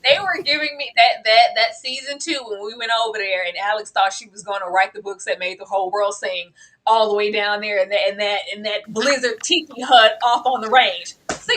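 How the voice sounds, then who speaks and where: A woman co-hosting a casual TV review chat, animated and dramatic, slipping into mock voices of characters. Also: medium pitch, brisk, slight background noise, poor audio. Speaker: co-host.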